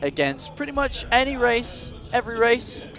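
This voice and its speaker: A British man casting a live strategy game match, lively and self-deprecating, sometimes correcting himself. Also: very high voice, moderate pace. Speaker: esports commentator.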